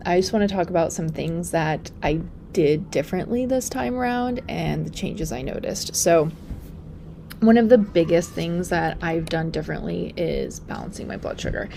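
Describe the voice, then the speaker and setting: A young pregnant woman hosting a casual solo podcast. She talks in a chatty way and often drops to a soft, breathy near-whisper. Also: lowish voice, a little hiss or hum. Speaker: podcast host and functional practitioner.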